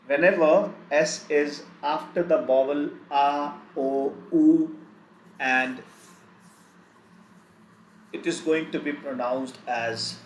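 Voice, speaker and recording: A man teaching a live online German pronunciation lesson, spelling out letters and repeating sounds in slow drills. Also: on the high side, steady tone. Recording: echoey room with faint background noise.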